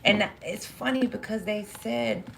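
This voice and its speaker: Drawing cards for a tarot reading, this woman talks to herself in an unhurried, medium-pitched voice with vocal fry. She muses, circles back over the same phrases, and gets emotional now and then, with slight noise in the background.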